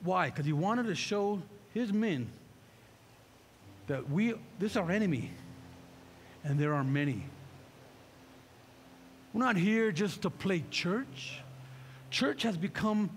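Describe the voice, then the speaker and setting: A man's voice: sits high, big pitch swings, slow, pauses often, long reverb tail, slight background noise. A man pastor preaching a sermon, fervent and full of repeated rhetorical questions.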